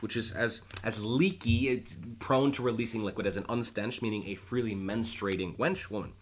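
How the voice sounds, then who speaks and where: A man's voice: mid-range voice, expressive, fairly quick, hardly any pauses, husky. A man casually explaining an old play line by line, in a conversational teaching style.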